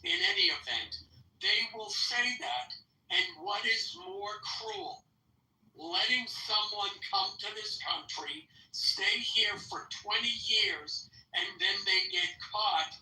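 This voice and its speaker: Slow, animated male talk host. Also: high voice, echoey room, far from the mic, slight background noise, rough recording. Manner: rambling, emphatic, with restarts. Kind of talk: political talk chat.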